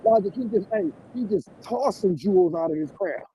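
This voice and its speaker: A man's voice: high-pitched, moderate pace, dark tone, slight background noise, low-quality recording. A man guest in a casual group chat, teasing and trash-talking playfully.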